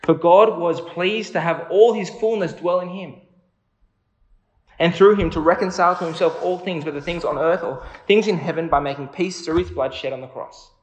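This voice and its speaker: A man's voice: a little high, normal speed, echoey room, lo-fi sound. A man preaching a sermon in an earnest, conversational way, asking his listeners questions.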